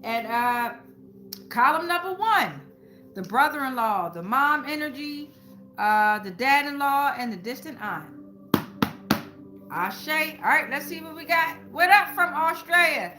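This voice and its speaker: A woman's voice: high-pitched, expressive, a little slow, long pauses, bright, forceful tone, a little hiss or hum. A woman giving a live-streamed tarot reading, talking casually and with slang and swearing to her viewers in chat. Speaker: tarot reader. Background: faint background music.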